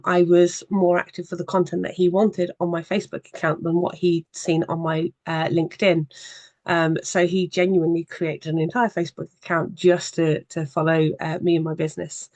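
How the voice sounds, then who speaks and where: A social media marketing trainer giving an evening workshop presentation, explaining in a conversational way with frequent pauses. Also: medium pitch, darkish tone, no room sound.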